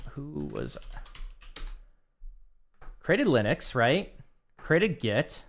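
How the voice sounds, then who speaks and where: A young man live-streaming as he works through a coding course, reading lesson text aloud and reacting with offhand remarks. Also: mid-range voice. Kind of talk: casual live-stream commentary.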